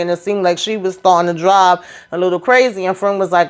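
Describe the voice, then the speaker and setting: A woman hosting a casual reality TV recap, animated and sassy, acting out what the cast members said. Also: on the low side, a little fast, clear, resonant tone.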